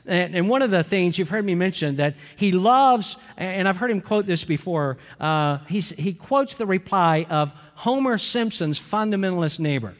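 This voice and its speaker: A man preaching as pastor, animated and conversational, speaking directly to his congregation. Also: sits high, normal speed, few pauses, big-room sound. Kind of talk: sermon.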